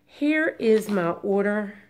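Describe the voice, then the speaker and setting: Congested woman vlogger, rambling and apologetic, mid pitch. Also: lively intonation, takes it slowly, a little mellow. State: congested from a long illness. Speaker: beauty vlogger. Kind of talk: casual chat to camera.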